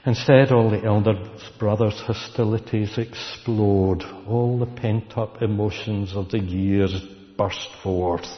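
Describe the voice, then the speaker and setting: Low-voiced guy preaching slow and deliberate, dull recording with long echo. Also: steady tone. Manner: slow, deliberate, repeating key words. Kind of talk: sermon.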